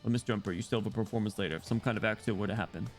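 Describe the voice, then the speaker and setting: Brief: stern male bodyguard holding back a crowd, low and clipped, read by a male streamer. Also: very fast, soft background music, natural voice.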